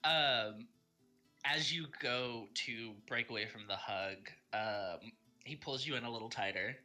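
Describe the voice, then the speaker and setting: A man runs a tabletop game, narrating with frequent ums and pauses. His tone is bright, and faint music plays behind him. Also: mid-range voice. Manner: hesitant, many ums. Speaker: game master.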